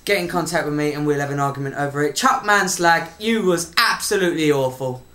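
A man's voice: on the high side, brisk, bright, forceful tone. A young man co-hosting a podcast, bantering in a giggly, playful way. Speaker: podcast co-host. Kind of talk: casual banter. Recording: roomy echo, faint noise.

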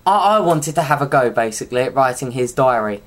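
A woman's voice: a bass voice, animated, brisk. Young woman, casual podcast chat, bossy. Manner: bossy, directs the others. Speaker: podcast co-host.

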